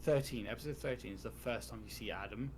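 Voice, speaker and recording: A man's voice: mid-range voice, fast talker, darkish tone, slight background noise, rough recording. A man chatting casually on a podcast about a TV show, frank and freely swearing. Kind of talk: casual TV discussion chat.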